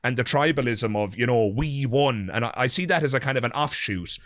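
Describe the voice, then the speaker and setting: A man's voice: mid-range voice, fast talker, no room sound, studio quality. An Irish man from Ireland hosting a podcast, chatting casually and voicing strong opinions with a laugh. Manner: opinionated, animated, laughs often. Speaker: podcast host. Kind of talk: casual chat.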